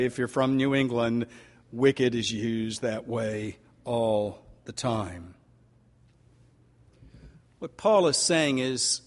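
An older man preaching a sermon as pastor, folksy and animated, stretching out key words for emphasis. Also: mid-range voice. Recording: long reverb of a large hall.

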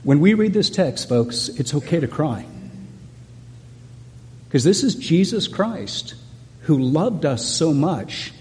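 Earnest middle-aged pastor preaching. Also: male voice, a little high, big pitch swings, takes it slowly, pauses often, darkish tone, a little hiss or hum. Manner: earnest, conversational preaching with repeated restarts. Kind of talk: sermon. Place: church sanctuary. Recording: long hall reverb.

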